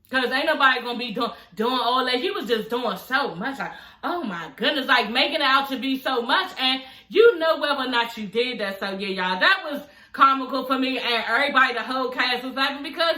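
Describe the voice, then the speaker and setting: A woman's voice: high-pitched, animated, fairly quick, sharp tone, roomy sound. A woman, recapping a reality TV show in a casual chat, sassy and blunt, swearing and laughing often.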